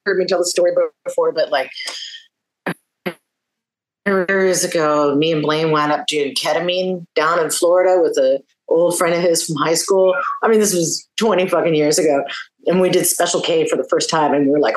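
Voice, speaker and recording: A woman's voice: fairly low pitch, normal speed, poor audio. A woman rock guitarist talking as an interview guest, swearing freely, laughing often and telling stories with lots of animation. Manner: laughing, profane, animated storyteller. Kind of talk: casual phone interview.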